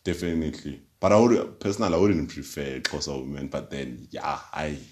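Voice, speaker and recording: A man, hosting a podcast in relaxed chat and laughing often. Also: extremely low pitch, brisk. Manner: laid-back, laughs often. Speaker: podcast host. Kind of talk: casual chat.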